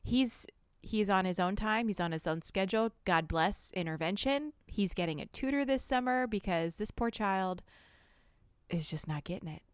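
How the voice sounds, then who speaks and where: A woman co-hosting a podcast in casual chat, quick with asides and laughing easily. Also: mid-range voice, expressive, clean tone, dry recording, clean studio sound. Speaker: podcast co-host.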